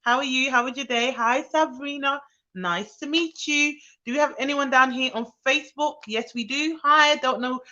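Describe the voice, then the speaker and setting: Speaking at normal speed in a high, sharp voice, a childcare expert from Birmingham, England chats casually on her live stream. She greets viewers by name and uses frequent ums, with dull-sounding audio.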